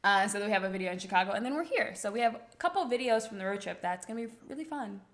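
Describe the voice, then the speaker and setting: A woman co-hosts a relaxed livestream, talking in a friendly, upbeat way. Her voice sits at an ordinary middle pitch as she walks through plans and news. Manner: friendly, upbeat, quick to laugh. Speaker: co-host of a couple's livestream. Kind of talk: casual live chat.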